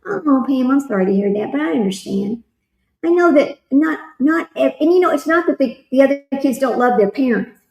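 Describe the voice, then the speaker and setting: A chatty woman talks casually to her stream audience, wandering from one thought to the next. Her voice sits a little higher than most. The room around her has a noticeable echo. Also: lively intonation, a little fast, vocal fry, mellow. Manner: rambling, chatty, reads chat comments aloud. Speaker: livestream host commenting on a trial. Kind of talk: casual chat with live chat readers.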